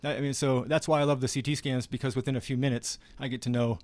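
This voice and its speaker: Brief: man, live-stream co-host, fast talker with dry jokes, close dry sound. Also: medium pitch, little pitch movement, a little mellow, no room sound. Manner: dry, joking, quick. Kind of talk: casual live-stream chat.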